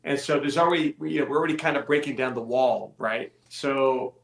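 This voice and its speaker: A man from California chats as a musician guest, telling relaxed, self-deprecating stories. His voice is mid-pitched and comes through with a roomy echo around it. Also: fairly quick, vocal fry. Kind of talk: casual interview chat. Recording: echoey room.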